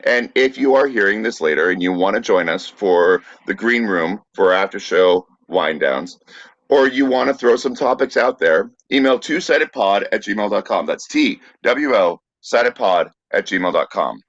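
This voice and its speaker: A man's voice: lowish voice, animated, measured pace, a bit bright, no room sound. A man co-hosting a podcast from Brooklyn, with a dry, teasing manner and plenty of fillers. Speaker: podcast co-host. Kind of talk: casual podcast banter and sign-off. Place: Brooklyn, New York. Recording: dry, dull lo-fi sound.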